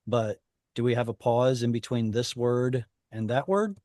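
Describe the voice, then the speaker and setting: A man of middle pitch teaches a small online class in a patient, step-by-step way. He stops to put questions to his students. His voice is dry and close, with no room sound. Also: a little slow, warm tone, dry recording. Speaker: Hebrew teacher. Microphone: video call.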